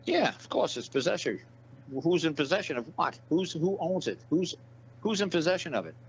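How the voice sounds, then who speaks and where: A man's voice: a little high, big pitch swings, normal speed, creaky. A blunt man talking in a rambling, profane way, pressing his points over and over. The audio is dull and lo-fi, with a faint hiss behind him. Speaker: interview guest. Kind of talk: casual interview talk.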